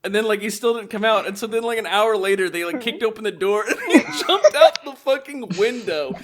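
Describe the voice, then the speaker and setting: A man telling animated stories and cracking jokes during a casual group fanfic reading. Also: high-pitched, fairly quick. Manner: animated storyteller, joking. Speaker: guest reader. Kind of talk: casual riffing chat.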